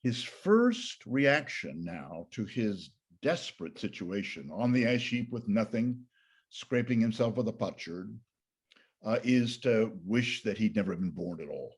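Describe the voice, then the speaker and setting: Older man, husky, unhurried Bible teacher. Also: fairly low pitch, lively intonation. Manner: thoughtful, digressive, with frequent fillers and self-corrections. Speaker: pastor teaching a Bible study. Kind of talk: informal Bible lecture.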